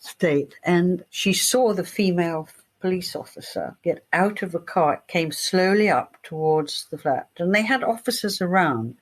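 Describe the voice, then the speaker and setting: An older woman, a writer giving a guest interview, telling animated stories and acting out the voices of people she quotes. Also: on the low side. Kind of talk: storytelling in an interview.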